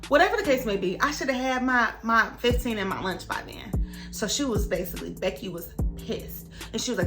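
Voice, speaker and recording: A young woman vlogger telling a story in a casual, animated way, acting out the other people's lines. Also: mid-range voice, brisk, over music. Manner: animated, dramatic retelling with voices for others.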